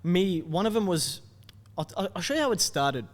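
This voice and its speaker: An upbeat young Australian man with a slightly high voice tells stories in a rambling, lively way and breaks into laughter and quick impressions. His voice rings out with a long reverb in the room. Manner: animated, laughs often, slips into impressions. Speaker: content creator guest. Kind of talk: casual storytelling chat.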